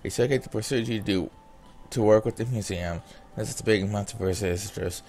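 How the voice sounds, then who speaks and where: A man with a very low, gravelly voice reads a visual novel's lines aloud, one after another, in his own plain voice. Now and then he breaks off to comment casually, and faint music sits behind him. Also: brisk, darkish tone. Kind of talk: reading game dialogue aloud with asides.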